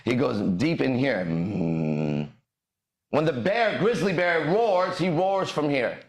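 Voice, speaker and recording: A man's voice: on the high side, lively intonation, measured pace. A man hosting a podcast and giving a profane, swaggering motivational monologue. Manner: swaggering, profane, bursts into shouted lyrics. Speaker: podcast host and dating coach. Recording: echoey room.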